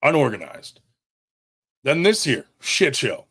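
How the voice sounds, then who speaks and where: A man's voice: mid-range voice, very animated, takes it slowly, pushed and bright, husky. A man who runs an arm wrestling brand, making a blunt, heated statement to camera, swearing often and restarting his sentences. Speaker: brand owner addressing a rival promoter.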